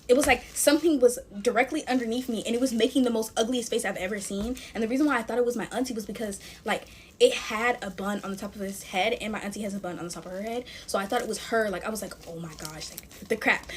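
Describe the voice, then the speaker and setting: With a slightly high voice and a bit of hiss or hum in the recording, a young woman chats through a personal storytime. She talks right to her audience, calling them "y'all."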